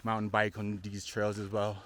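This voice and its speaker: A man's voice: lowish voice, completely flat delivery, moderate pace, fairly bright tone, a little hiss or hum. A man hiking outdoors and talking to his handheld camera, out of breath, chatty and joking, calling his viewers y'all. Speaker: hiking vlogger. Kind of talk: casual vlog talk to camera. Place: outdoors on a mountain trail.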